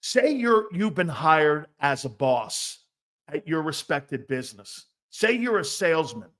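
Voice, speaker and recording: A man's voice: on the high side, big pitch swings, a little slow, a bit bright. A middle-aged man hosting a casual sports talk show, brash and profane, laughing often as he riffs and reads viewer comments.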